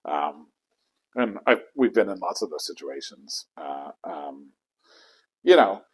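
A man who conducts choirs, speaking reflectively in an interview and acting out inner voices with sudden high exclamations. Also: expressive, slow, slightly rough, rough recording. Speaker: choral conductor. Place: church.

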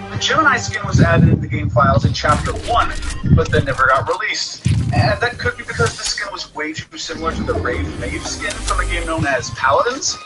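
A man narrates a gaming video from a script, his voice sitting high and leaping up and down constantly. He sounds chatty and opinionated. Loud music plays behind him the whole time. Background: loud background music.

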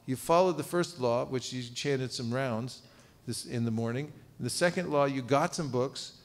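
A man leading a lively seminar for a live audience, playful and animated, getting the room to repeat phrases after him. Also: medium pitch, moderate pace. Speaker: seminar teacher on book distribution. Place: seminar room at a cultural center.

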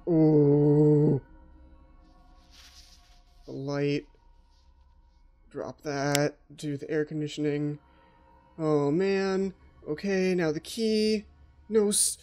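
A man's voice: a little high, fairly even intonation, extremely slow, long pauses, mellow, faint music behind. A man giving horror game let's play commentary as the channel host, jumpy and anxious, often repeating his pleas.

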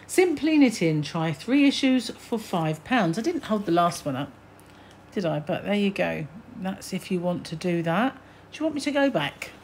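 A woman's voice: mid-range voice, darkish tone, slight background noise. An older British woman hosting a crochet channel, chatting casually as she reads magazine snippets aloud and adds musing asides. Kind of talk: casual magazine flick-through chat.

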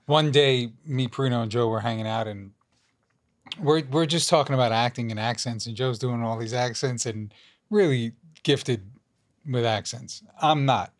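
A man, a guest actor, telling a relaxed anecdote in a casual interview. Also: mid-range voice, moderate pace. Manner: relaxed storyteller.

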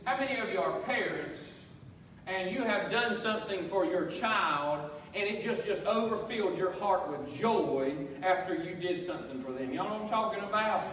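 Male pastor, high-pitched, preaching with call-and-response in a booming, reverberant sanctuary. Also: moderate pace, a bit bright. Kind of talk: sermon. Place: church sanctuary. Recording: echoey church hall, voice from far off.

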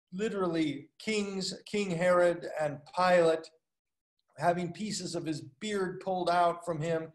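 A man preaching a sermon as a pastor, telling a story with halting pauses and fillers, lifting his voice for the dialogue. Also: sits high, roomy sound. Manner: storytelling, acts out dialogue with lifted voice; halting, many fillers and restarts. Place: recorded for a video call.

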